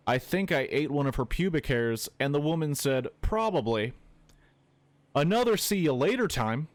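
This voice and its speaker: A man's voice: medium pitch, clean tone, no echo. Profane young man recapping a film. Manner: loose and profane, acting out characters in quick quoted voices. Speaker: streamer retelling a film. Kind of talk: casual comedic movie recap.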